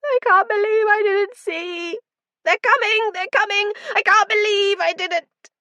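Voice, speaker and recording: A woman's voice: extremely high pitch, a little slow, bright, forceful tone, dry recording, voice pushed up, heavily acted. A woman voicing a panicked, weeping man who shrieks in terror in an audiobook. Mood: hysterical. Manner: shrieking, frantic.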